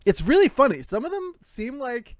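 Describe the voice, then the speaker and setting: A man co-hosting a casual podcast, talking in an animated way and laughing often. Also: extremely high pitch, moderate pace, no echo, clean studio sound. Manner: animated, laughing often while reading aloud. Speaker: podcast co-host. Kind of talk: casual chat.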